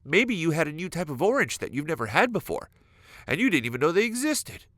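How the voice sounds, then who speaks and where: A man hosting a solo comedic podcast, acting out imagined conversations with exaggerated, animated delivery. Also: a little high, brisk, no room sound, clean studio sound. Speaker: podcast host. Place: California.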